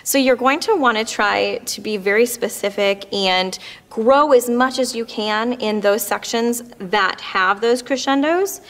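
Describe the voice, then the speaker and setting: A woman's voice: fairly high pitch, unhurried, fairly bright tone. A woman teaching an oboe lesson, explaining patiently and with frequent fillers. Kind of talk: instructional music lesson.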